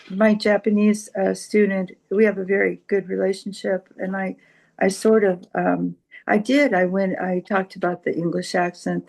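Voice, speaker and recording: A woman's voice: on the low side, vocal fry, a little mellow, low-quality recording. A woman with a Californian accent, speaking as a volunteer tutor in a casual group discussion on a video call, hesitant, with many fillers and restarts.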